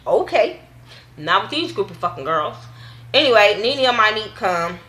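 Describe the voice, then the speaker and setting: Young woman vlogger, AAVE speech, blunt and profane, bright forceful tone, casual recap. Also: very animated, moderate pace, echoey room. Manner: blunt, cussing, acts out quotes with raised pitch. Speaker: YouTube TV reviewer.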